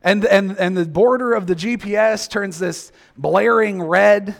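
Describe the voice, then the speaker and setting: A man's voice: high-pitched, measured pace, gravelly, hardly any pauses. A male preacher giving a sermon, acting out quoted reactions and asking the listeners many questions.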